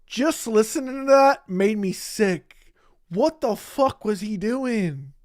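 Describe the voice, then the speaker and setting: A man's voice: high-pitched, lively intonation, slow, darkish tone. A man hosting a casual livestream, talking to chat and ranting with lots of swearing. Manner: profane, indignant ranting. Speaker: livestream host.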